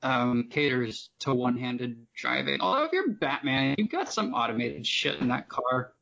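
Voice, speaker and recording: A man's voice: mid-range voice, huge pitch swings, moderate pace, bright, forceful tone, a little hiss or hum. A man appearing as a podcast guest, talkative and digressive in casual chat. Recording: dull lo-fi sound.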